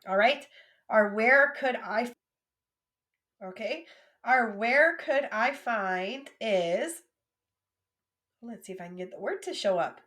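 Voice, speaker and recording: A woman teaching French vocabulary, modeling each word slowly and clearly, repeating it for students to say after her. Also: a little high, lively intonation, sharp tone.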